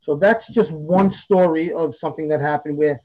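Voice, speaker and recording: A man, a psychic medium guest telling a story in a blunt, animated way. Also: on the high side, moderate pace, narrow, tinny audio. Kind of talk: casual storytelling interview.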